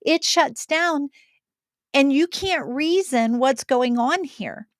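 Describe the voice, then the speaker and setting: A middle-aged woman coaching viewers in a calm, steady teaching talk, repeating her key points. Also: high-pitched, slow, no echo, studio quality.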